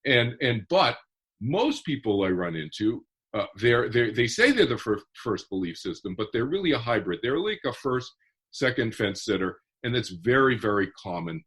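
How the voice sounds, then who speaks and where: A man's voice: mid-range voice, big pitch swings, normal speed, fairly bright tone, slightly rough. A man who is a guest author on a podcast, explaining his ideas earnestly and step by step. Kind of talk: podcast interview.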